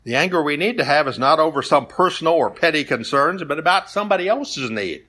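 A man's voice: a little high, expressive, fairly quick, bright, forceful tone. A man preaching a sermon, retelling stories and scripture in a plain, conversational way. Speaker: pastor.

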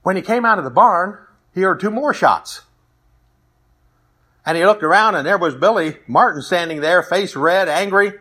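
A man's voice: high voice, expressive, moderate pace, pauses often, sharp tone. A man preaching a sermon, retelling stories and scripture in a plain, conversational way. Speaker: pastor.

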